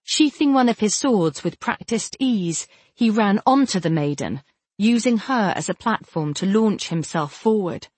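A woman narrates a fantasy adventure in a steady, even manner, at a middling pitch for a woman. The recording is dry and close, with no room sound around her. She keeps her storytelling level and clear throughout. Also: a little slow, dry recording. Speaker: audiobook narrator. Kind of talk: scripted narration of a fantasy novel.

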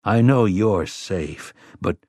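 A man doing a terse, low gunslinger. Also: takes it slowly, dry recording, studio quality. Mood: calm. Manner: terse and calm.

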